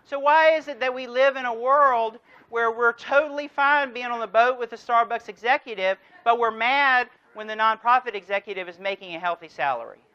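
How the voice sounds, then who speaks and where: A man's voice: very high voice, brisk, few pauses, sharp tone, smooth, highs cut off, some chatter behind. A man giving a motivational keynote address, telling a story and driving his points home with rhetorical questions. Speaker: keynote speaker.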